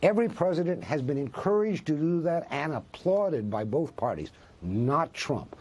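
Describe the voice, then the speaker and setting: Older-sounding prof guy on a news show, kinda husky, voice swings up and down, fired up asking big questions. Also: on the high side, sing-song, normal speed, darkish tone. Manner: impassioned, argues with rhetorical questions. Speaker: professor, interview guest. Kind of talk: cable news interview.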